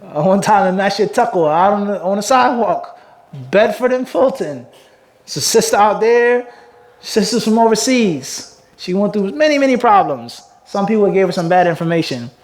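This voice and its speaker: A man, a mufti, giving a religious lecture on hadith, quizzing his class with rhetorical questions and reading passages aloud in rapid Arabic. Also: high voice, lively intonation. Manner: call-and-response teaching with rhetorical questions the class answers.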